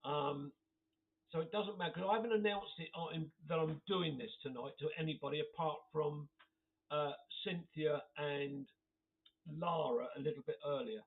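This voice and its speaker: A man's voice: on the high side, moderate pace. Friendly man, casual live-stream chatter, giggly, thin phone-quality recording. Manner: chatty, laughs often, reads out comments. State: occasional cough. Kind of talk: casual chat to live viewers. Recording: tinny phone-like audio.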